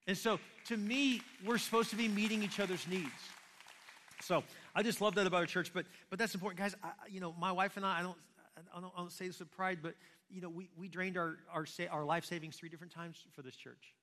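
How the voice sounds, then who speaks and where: A man's voice: high voice, steady tone, a little fast, pushed and bright. A man preaching a sermon as pastor, conversational and full of rhetorical questions. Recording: long reverb of a large hall.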